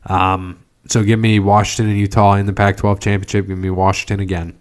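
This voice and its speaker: A man's voice: lowish voice, little pitch movement, a little fast, clear, resonant tone. A man co-hosting a sports podcast, giving his picks in casual chat with some fillers. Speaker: podcast co-host.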